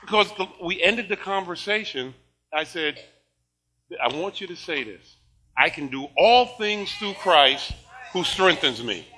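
An older man preaching a sermon, animated and laughing often, moving between shouted praise and quiet storytelling. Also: high-pitched, unhurried, low-quality recording. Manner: laughs often while talking.

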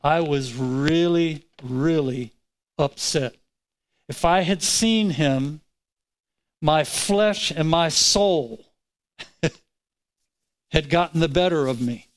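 A man delivers a sermon as a personal story, his voice sitting a little high. He tells it in an animated way, acting out his own words as he goes. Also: very slow, long pauses, low-quality recording. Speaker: pastor.

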